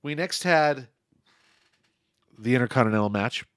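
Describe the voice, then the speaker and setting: A man hosting a podcast who steers the chat and gives his own opinions. His intonation is lively and his voice sits mid-range. The recording is dry and close. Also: mid-range voice, normal speed, clear, resonant tone, dry recording. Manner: chatty, runs the segments. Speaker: podcast host. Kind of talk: casual chat.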